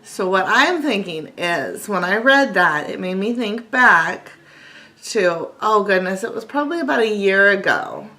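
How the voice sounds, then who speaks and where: A woman's voice: medium pitch, lively intonation, measured pace, bright, forceful tone. A woman in her thirties hosting a casual devotional talk, telling a personal story earnestly and reading scripture aloud. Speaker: channel host.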